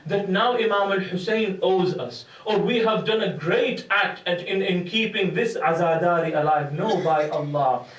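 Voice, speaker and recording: A man giving a storytelling sermon, raising his voice to act out the dialogue. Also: high voice. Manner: acts out dialogue with raised voice. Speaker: preacher. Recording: echoey hall from a distance.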